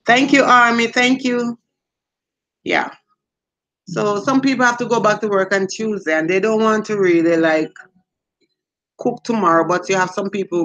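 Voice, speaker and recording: A woman's voice: medium pitch, a bit bright, reverberant, dull audio. A middle-aged woman from Jamaica with a Jamaican accent, chatting casually on a livestream and answering viewer comments as she goes. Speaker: livestream host.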